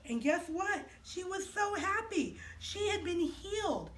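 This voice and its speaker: A woman teaching children in chapel, telling a story in an animated, expressive way with dramatic pauses and playful questions, heard from far off in an echoey room. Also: very high voice, a little hiss or hum.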